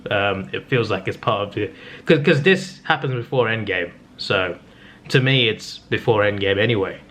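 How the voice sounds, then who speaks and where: A man's voice: fairly low pitch, lively intonation, moderate pace, fairly bright tone, slight background noise. A man in his twenties chatting casually in a vlog, rambling and hesitant with frequent restarts. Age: 20s. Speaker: vlogger. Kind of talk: casual vlog talk and review.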